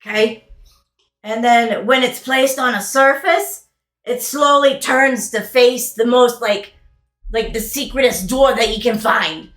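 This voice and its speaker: A woman's voice: a little high, unhurried, fairly bright tone. A woman running a tabletop game as game master, narrating playfully with jokes and casual swearing. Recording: roomy echo.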